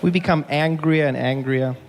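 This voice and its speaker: High-voiced comedian on stage. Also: male voice, moderate pace, in a large hall, slight background noise. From South Africa. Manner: animated storytelling, asking rhetorical questions. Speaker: stand-up comedian. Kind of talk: stand-up comedy. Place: comedy stage before a live audience.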